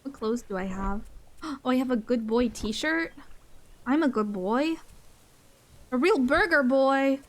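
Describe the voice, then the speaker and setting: A young woman chats casually as she streams a game, her voice sitting a little high. She talks at an unhurried pace. She gets excited easily, gasps often and repeats her phrases.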